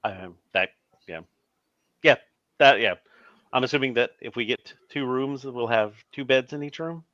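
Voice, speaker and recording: Halting male player, dull dry audio. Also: mid-range voice, fairly bright tone, no room sound. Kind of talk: casual chat and in-character talk.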